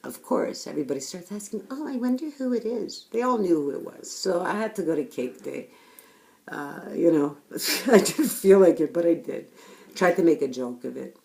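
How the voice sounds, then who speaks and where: Gravelly, frank woman telling her story. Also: low-pitched, lively intonation, moderate pace, mellow. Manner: frank, blunt, rhetorical asides. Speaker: speaker sharing personal experience. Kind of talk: candid personal talk.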